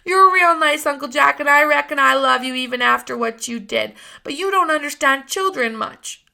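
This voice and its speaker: A woman's voice: high voice, normal speed, creaky, pushed and bright, voice pushed up, heavily acted. A woman voicing a feisty, defiant young girl who argues and pleads in a storybook reading.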